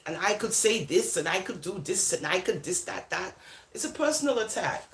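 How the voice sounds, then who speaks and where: Answering viewer comments as a live-stream host, this woman laughs a lot and moves between patois and standard speech; she was born in England and raised in America. She sounds animated at medium pitch and moderate pace, with a fairly bright tone in a roomy-sounding space.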